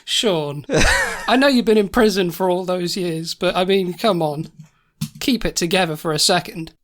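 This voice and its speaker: A woman's voice: lowish voice, normal speed, a little hiss or hum. A woman co-hosting a comedy podcast, telling an improvised story in a rambling, laughing way. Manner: rambling, laughing, many restarts. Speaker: podcast co-host.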